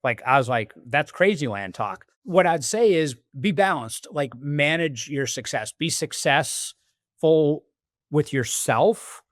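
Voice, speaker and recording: A man's voice: fairly high pitch, lively intonation, slow, no echo, clean studio sound. A man as a podcast guest, telling stories and acting out quoted dialogue in a conversational interview. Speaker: podcast guest, business executive.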